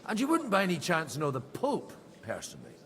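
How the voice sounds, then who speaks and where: A man's voice: fairly high pitch, wildly swooping pitch, a little fast, fairly bright tone. A man voicing a dry, wry former soldier turned priest in a video game. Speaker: game character.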